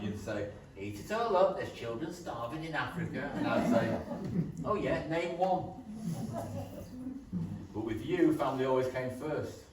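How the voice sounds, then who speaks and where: A man's voice: medium pitch, a little hiss or hum, close to an everyday voice. A man playing a cheeky, affectionate grown son in a stage play, full of wisecracks. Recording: echoey hall, far from mic.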